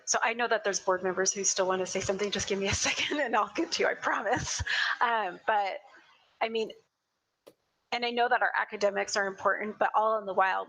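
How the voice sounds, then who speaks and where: A woman's voice: mid-range voice, creaky, bright, forceful tone, low-quality recording. A woman in her forties chairing a virtual school board meeting from her home, speaking in an earnest, emotional, rambling way over a video call.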